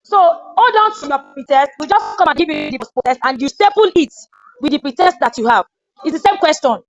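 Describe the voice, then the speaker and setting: A woman trainer giving an animated classroom lecture and acting out a teacher scolding a student. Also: sits high, brisk, dry recording, lo-fi sound, soft background music. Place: lecture room.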